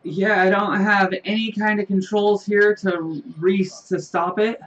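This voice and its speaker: Woman race host, casual jokey commentary, mid pitch, slightly distant mic. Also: fairly even intonation, measured pace, muffled recording. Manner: chatty, laughing, playful asides. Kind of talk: live sim racing commentary. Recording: distant mic with faint noise.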